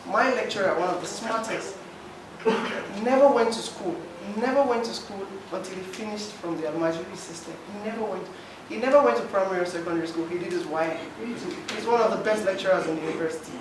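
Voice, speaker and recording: A fast-talking Nigerian man with a high-pitched voice addresses a public forum, emotionally pleading his case in an impassioned comment. He's on a handheld mic, recorded from a distance in a noisy hall full of echo.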